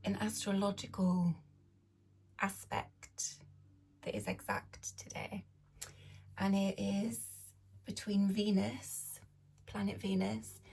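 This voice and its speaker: A woman reads tarot in a slow, unhurried way, her voice rough and husky and a little croaky today, with gravelly fry at the ends of her phrases. She often slips into a near-whisper and stops to check in with her listeners. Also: medium pitch, darkish tone. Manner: unhurried, explains with fillers and checks in. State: slightly croaky voice. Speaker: tarot reader. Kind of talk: slow, soft-spoken tarot reading.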